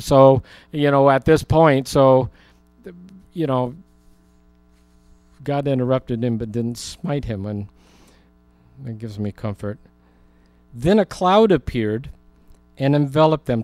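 A male pastor teaches through a Bible passage in an easy, chatty manner, slipping in wry jokes. His voice sits at an ordinary middle pitch. The sound is dry and close, with no room echo. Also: darkish tone. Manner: conversational, humorous asides, laughs.

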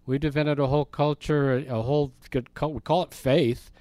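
A man's voice: on the high side, fairly even intonation, moderate pace, a little mellow, no room sound. A man teaching a Bible study in a conversational way, explaining words and asking his listeners questions.

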